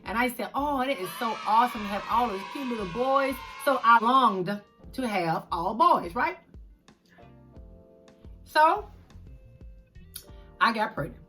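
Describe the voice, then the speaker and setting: A middle-aged woman tells a personal story to her vlog viewers. Her voice is bright and clear, and she talks to them directly and with feeling. Soft music plays faintly behind her. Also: a little high, measured pace, long pauses. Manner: expressive, talks straight to viewers as "y'all". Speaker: vlog host.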